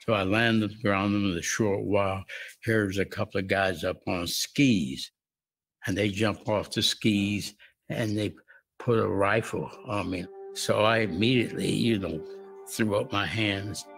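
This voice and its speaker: An elderly man in his nineties recounts his wartime experiences in a vivid, plain-spoken style. His voice is gravelly and lowish, and soft music plays beneath it. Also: fairly even intonation, unhurried, poor audio. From United States. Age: 90s. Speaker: war veteran interviewee. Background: background music.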